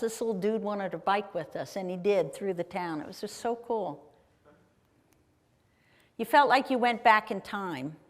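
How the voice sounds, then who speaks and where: Slow, chatty woman in a big hall. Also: a little high. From Ohio, USA. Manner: chatty, enthusiastic, addresses the audience with questions. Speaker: guest speaker. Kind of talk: live travel presentation with slides. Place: performing arts center auditorium. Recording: long reverb of a large hall. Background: live audience in a hall.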